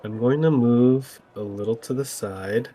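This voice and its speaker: A man's voice: medium pitch, measured pace, mellow. A man playing a tabletop game, hesitant and thinking aloud. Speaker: player.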